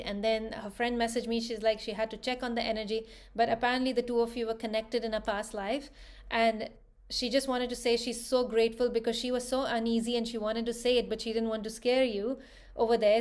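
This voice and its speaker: A woman hosting a live spiritual workshop, talking conversationally and often checking in with her listeners. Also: on the high side. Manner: animated storytelling. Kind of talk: live online workshop talk.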